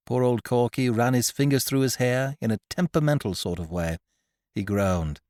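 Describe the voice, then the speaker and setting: A man narrating a story aloud in a scripted, expressive audiobook style. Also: medium pitch, moderate pace, dry recording, studio quality.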